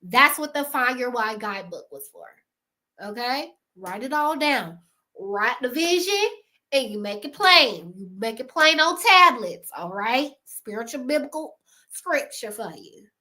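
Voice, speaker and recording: A woman talks straight to her viewers in a loose, motivational vlog. Her voice sits a little high and rings bright and forward. She keeps it animated and conversational, laughing easily and calling the audience y'all. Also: a little slow. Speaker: YouTuber giving creator advice. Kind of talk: casual motivational talk to camera.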